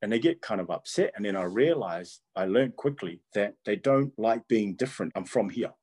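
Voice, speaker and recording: A man's voice: on the low side, normal speed. A middle-aged man from Tonga, telling his life story in an earnest, reflective way and often chuckling as he remembers. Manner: earnest, animated, chuckles often while recalling.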